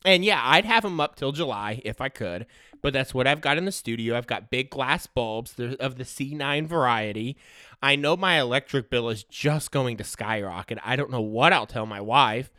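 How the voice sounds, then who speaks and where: A man's voice: mid-range voice, expressive, normal speed, pushed and bright, no room sound, clean studio sound. A man hosting a solo podcast, rambling in a joking, self-mocking way. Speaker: podcast host. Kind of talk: solo comedic podcast rant. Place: home studio.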